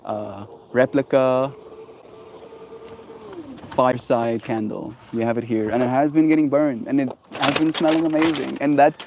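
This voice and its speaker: Brief: male streamer, mid pitch, loose rambling casual chat, lots of "like" fillers. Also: a little mellow, a little hiss or hum. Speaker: livestream host.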